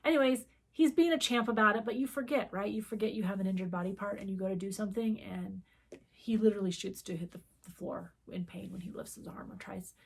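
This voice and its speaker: A middle-aged woman co-hosting a crafting channel, telling a story in casual chat and acting out the quoted dialogue. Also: on the high side. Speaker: co-host of a cross-stitch video channel.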